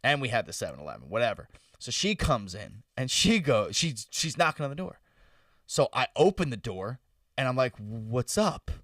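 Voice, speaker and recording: A young man co-hosting a podcast, telling an animated story with plenty of swearing. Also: medium pitch, moderate pace, no echo, distant mic. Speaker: podcast co-host. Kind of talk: casual chat. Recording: dry sound, a bit off-mic.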